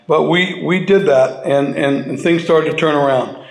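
A man with a somewhat high, gravelly voice gives a personal testimony to a gathered audience. He talks in a halting, heartfelt way, repeating and restarting his phrases. The sound is roomy, with the echo of a meeting hall. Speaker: speaker sharing his story at a recovery meeting.

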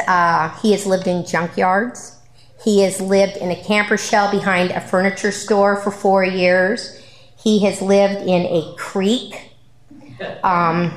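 Speaking in a mid-range voice, a middle-aged woman gives a candid personal recovery share at a support group meeting, often saying um and repeating herself. The meeting room sounds roomy, with slight background noise.

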